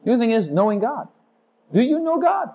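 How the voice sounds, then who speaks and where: Excitable guy preaching, high voice that swoops all over, sings bits and laughs a lot. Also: slightly rough. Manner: exuberant, sings snatches, laughs, rapid-fire declarations. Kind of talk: sermon.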